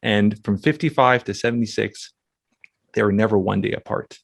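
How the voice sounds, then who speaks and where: A man hosting a podcast who speaks in a halting, emotional way, restarting often as he talks about family. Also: fairly low pitch, gravelly, no echo. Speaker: podcast host. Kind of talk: casual conversation.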